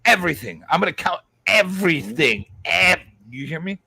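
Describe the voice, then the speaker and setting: A man hosting a casual livestream chat, greeting viewers in a quick, excitable, profane way. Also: sits high, gravelly, husky, dry recording. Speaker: host.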